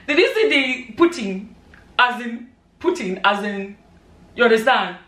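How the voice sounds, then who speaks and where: A woman's voice: fairly high pitch, lively intonation, unhurried, fairly bright tone, reverberant, far from the mic. A woman chatting casually as a vlogger, reading comments aloud and laughing often.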